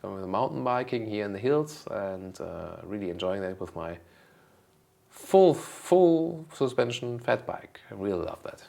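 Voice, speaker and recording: A man, hosting a car channel and casually answering viewer questions, relaxed and thinking aloud with lots of ums. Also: on the low side, measured pace, gravelly. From Germany. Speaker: car review host.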